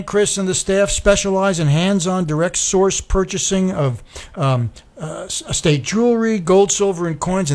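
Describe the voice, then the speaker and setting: A man hosting a radio talk show, reading sponsor spots in a loose, chatty way with lots of ums and uhs. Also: high-pitched.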